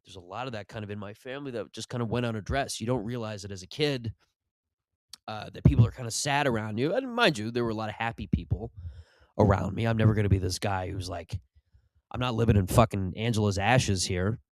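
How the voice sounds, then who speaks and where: Comic host, lowish voice, dry close sound, rambling monologue. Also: male voice, fast talker, dry recording. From Irish family background. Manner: rambling, self-interrupting, mock-ad voice bursts. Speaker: comedian host. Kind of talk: casual comedic monologue.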